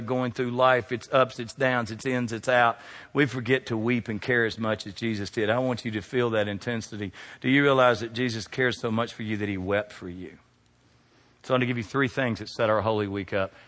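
A man preaching a sermon, calling out questions to the congregation, his voice climbing high and loud, then sinking low and quiet. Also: in a large hall. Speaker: pastor.

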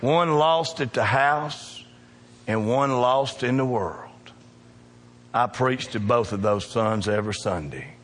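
A man's voice: medium pitch, takes it slowly, fairly bright tone, big-room sound. A male pastor preaching a sermon, emphatic and calling out to his congregation in a church. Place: church sanctuary.

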